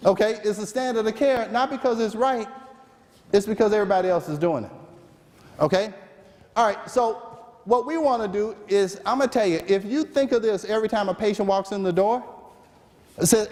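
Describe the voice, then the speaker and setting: A man's voice: high voice, normal speed, long pauses, a little mellow, big-room sound. A man from the American South, a physician, giving a medical seminar lecture with jokes, asking the audience questions and answering them himself. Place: seminar room.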